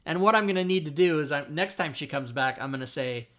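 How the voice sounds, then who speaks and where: A fairly high-voiced man hosts a casual livestream and tells a story with lots of energy. He laughs often, swears freely and keeps the story moving. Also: fast talker. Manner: animated, profane, laughing storyteller. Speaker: host.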